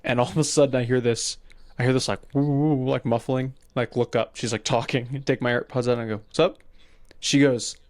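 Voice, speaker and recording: Speaking fast in a mid-range voice, this man co-hosts a podcast and gives an animated, casual retelling of a funny story, quoting the people involved.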